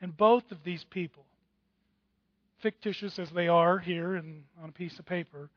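Animated man preaching a sermon. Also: sits high, moderate pace, no echo, dull audio. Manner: animated preaching, acting out voices of others. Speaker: pastor.

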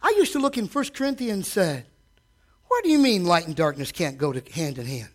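High, lively preaching man. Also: fairly quick. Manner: animated preaching with acted quotes and direct questions to the congregation. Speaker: pastor. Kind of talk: sermon. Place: church stage before a congregation.

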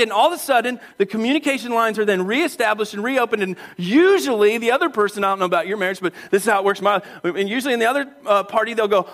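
A man with a fairly high voice preaches a sermon in a church. He keeps it animated and playful, acting out voices and calling on the congregation to join in. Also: fast, hardly any pauses. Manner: animated, acts out voices and crowd calls. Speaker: pastor.

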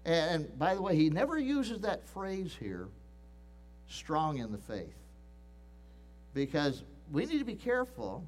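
A man's voice: a little high, big pitch swings, a little slow, long pauses, a little mellow. A middle-aged man preaching a sermon, earnest and emphatic, often restarting phrases and repeating key points. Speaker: pastor.

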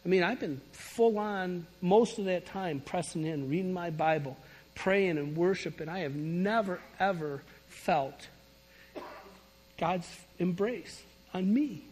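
Man preaching, husky voice, slightly high, animated storytelling, long hall reverb. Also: takes it slowly. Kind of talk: sermon testimony.

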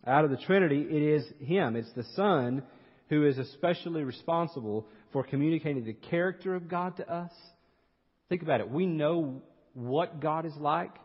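Husky-voiced preacher in a reverberant hall. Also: male voice, a little high. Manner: earnest preaching with rhetorical questions and asides. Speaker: pastor. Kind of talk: sermon. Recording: dull recording with long hall reverb.

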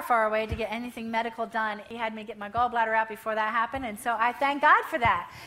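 Woman around fifty, missionary, church testimony, lively storyteller, high voice, bright tone. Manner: lively storytelling, acting out dialogue. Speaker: missionary speaker.

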